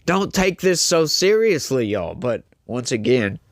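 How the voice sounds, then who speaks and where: A man's voice: mid-range voice, very animated, measured pace, dry recording. Mocking man saying y'all, dry sound. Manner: mocking, laughs often, says y'all. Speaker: political commentary host. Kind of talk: reaction commentary.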